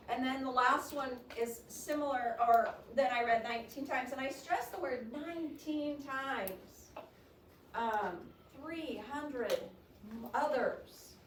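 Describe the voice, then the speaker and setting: A female teacher with a fairly high voice reads poetry expressively and leads a discussion, coaxing students with questions. The recording comes from a distant mic in a roomy classroom, with noise.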